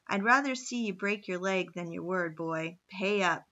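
A man's voice: high-pitched, moderate pace, bright, forceful tone, highs cut off. A woman voicing a folksy, plain-talking old gold miner with a backwoods drawl.

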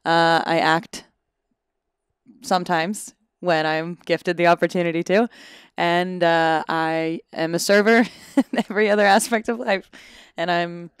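A young woman in her twenties talks casually as a podcast guest, chatty and self-deprecating, with plenty of fillers. Her voice sits on the low side and sounds smooth. The recording is dry and close. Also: fairly even intonation, unhurried, no echo. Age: 20s. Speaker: actor and guest. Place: Los Angeles.

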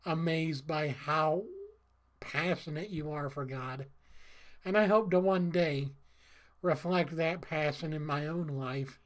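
A man talking earnestly in a casual vlog, halting often and breaking into little laughs between phrases. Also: high voice. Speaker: vlogger. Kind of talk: casual heartfelt vlog talk.

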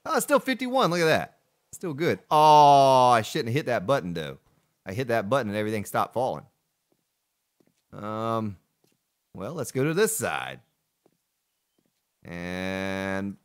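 A man's voice: mid-range voice, very animated, unhurried, pauses often, faint music behind. A male streamer giving playful live gameplay commentary, joking with his chat and thanking donors. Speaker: game streamer.

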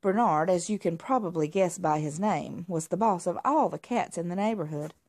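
A woman's voice: fairly low pitch, normal speed. Woman reading a children's story aloud. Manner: expressive read-aloud narration.

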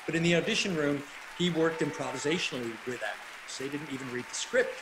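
A middle-aged man, a casting director and coach, answers questions in a candid livestream chat. His voice sits a little high for a man, and he leans hard on key words while circling back through fillers and restarts. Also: fast, background noise. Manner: emphatic, conversational, with filler and restarts.

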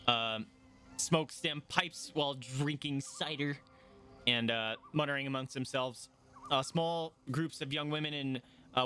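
A man's voice: fairly high pitch, bright, forceful tone. A man narrating as game master in a loose, laughing way with lots of fillers and restarts.

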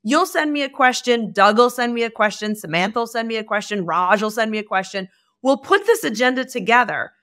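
Podcast guest: expressive woman, higher voice, acts out little exchanges as she talks. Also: fairly quick. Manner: expressive, acts out dialogue with shifting pitch. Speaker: guest, communication expert. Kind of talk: animated podcast conversation.

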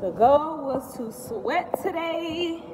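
While walking on a gym treadmill, a woman vlogs in a high, animated voice at a slow pace, sounding upbeat and thankful about moving her body and self-care. The casual workout vlog carries a long reverb tail and background noise.

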